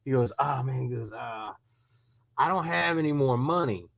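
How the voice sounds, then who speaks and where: A comedian from Rhode Island telling a long story in casual chat, acting out both sides of the conversation. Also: male voice, mid-range voice, normal speed, vocal fry, a bit bright. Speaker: comedian guest.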